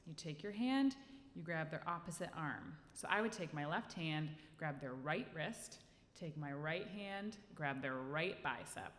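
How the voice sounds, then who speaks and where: A woman telling a personal story live on stage into a handheld mic, animated and acting out the scene for the audience. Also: low-pitched, a little slow. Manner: lively, animated, acts out the scene. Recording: live hall reverb, faint room noise.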